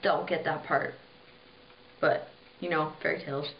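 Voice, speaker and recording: A woman's voice: low-pitched, steady tone, measured pace. Chatty irreverent young woman retelling a tale. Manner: irreverent, chatty, swears, many fillers. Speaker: storyteller. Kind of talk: casual fairy tale retelling. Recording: roomy, dull lo-fi home recording.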